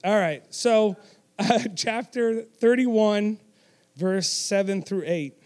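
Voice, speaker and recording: Man, high voice, sermon, emphatic delivery, call-and-response, church. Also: slow, a little mellow. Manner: emphatic, with audience call-and-response and self-deprecating asides. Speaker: preacher.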